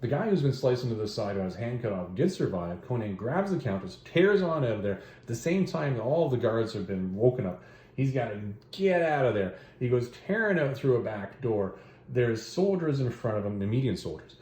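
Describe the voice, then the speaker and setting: A man with a medium-pitched voice, talking a little fast, hosts a show reviewing stories and comics. He gives a casual, rambling recap of a story, joking and retelling it with animation. The recording has a roomy echo.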